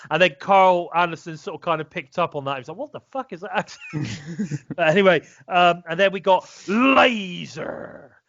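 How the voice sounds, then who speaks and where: A man's voice: high-pitched, normal speed, fairly bright tone, no echo. A British man co-hosting a casual wrestling review podcast, rambling with many fillers and restarts. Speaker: podcast co-host. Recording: dull, slightly lo-fi dry sound.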